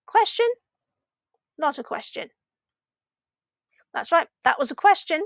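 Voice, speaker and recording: A woman teaching a recorded lesson for children, slowly modelling phrases with a clearly rising question tone and patient, encouraging talk. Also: sits high, very animated, dry recording, lo-fi sound. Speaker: primary Spanish teacher.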